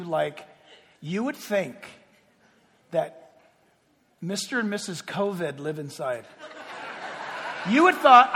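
A man preaching a sermon in an animated, playful way, acting out little dialogues and jokes. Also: high-pitched, slight background noise. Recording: long echo of a large hall.

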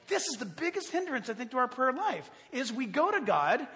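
A man preaching a sermon, animated, acting out prayers and asking his congregation questions. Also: extremely high pitch, fairly quick. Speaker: pastor. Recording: long hall reverb.

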